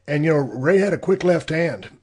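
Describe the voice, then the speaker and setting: Man, middle-aged, podcast host, husky voice, laid-back, rambling, profane storytelling. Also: a little high, animated, moderate pace, a little mellow. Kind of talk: casual storytelling. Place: podcast studio.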